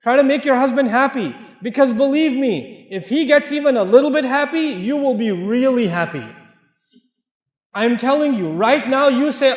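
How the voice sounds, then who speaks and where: High-voiced man preaching in an echoey hall. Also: animated, moderate pace. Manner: emphatic, repeats key phrases, joking asides. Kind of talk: lively sermon to a live congregation. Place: large hall with a congregation. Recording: echoey hall with long reverb.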